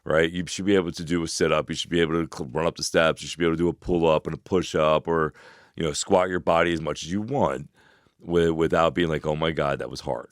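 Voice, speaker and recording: Very deep-voiced, fast-talking man. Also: steady tone, smooth, no echo, studio quality. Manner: laughs loudly, talks fast with restarts. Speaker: podcast co-host. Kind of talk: casual chat, fitness advice.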